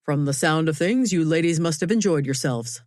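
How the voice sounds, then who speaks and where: A woman voicing a genial, joking middle-aged rancher in a lowered, easygoing tone. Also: lively intonation, normal speed, a little mellow, no room sound, studio quality. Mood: wry.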